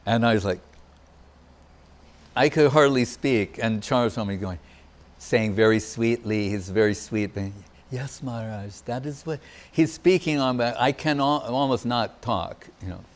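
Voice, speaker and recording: An older man giving a reminiscing devotional talk as a spiritual teacher, pausing often and searching for his words. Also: on the low side. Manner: halting, searching for words, many pauses.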